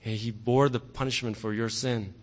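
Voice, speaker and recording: A man preaching a sermon earnestly, often pausing on "okay" and growing forceful on key words. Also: mid-range voice, fairly even intonation. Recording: long hall reverb.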